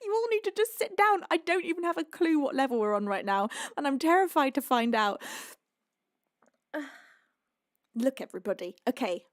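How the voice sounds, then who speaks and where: A woman's voice: high voice, big pitch swings, moderate pace, long pauses, dry recording, studio quality. A British woman hosting a live music stream, emotional and overwhelmed, crying while laughing as she reads out gifts. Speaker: livestream singer host. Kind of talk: casual live-stream chat reading donations.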